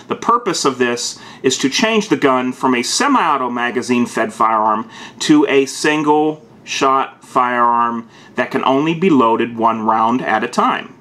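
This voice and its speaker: A man hosts a casual home video in a mid-range voice. He reads aloud in a stiff, emphatic way, then drops into quick, casual asides to the viewer. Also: medium pitch, animated, pushed and bright. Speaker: gun video host. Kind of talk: reading aloud and commenting, casual vlog.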